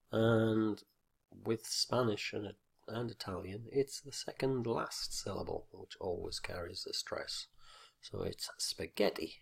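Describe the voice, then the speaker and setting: A man with a low, gravelly, somewhat husky voice, talking very slowly as he explains a teaching point for trainee teachers. He repeats example words with exaggerated stress and pauses on fillers between points. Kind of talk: instructional video lesson.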